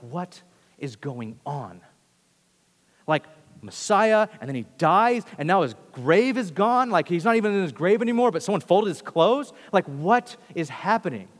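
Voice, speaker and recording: Animated male preacher in a reverberant hall. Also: a little high. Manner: animated storytelling, acts out quotes, swings loud to hushed. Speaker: pastor. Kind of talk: sermon.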